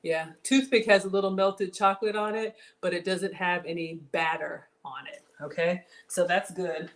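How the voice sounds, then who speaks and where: A woman's voice: on the low side, steady tone, moderate pace. A woman hosting a live cooking stream from her home kitchen, chatting straight to her viewers and reading out their comments. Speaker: cooking channel host.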